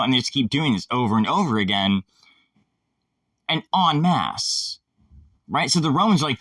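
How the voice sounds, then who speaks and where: Sarcastic rambling man, lively pitch. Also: normal speed, pauses often, no echo, clean studio sound, distant mic. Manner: rambling, sarcastic, irreverent, swears. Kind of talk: casual monologue.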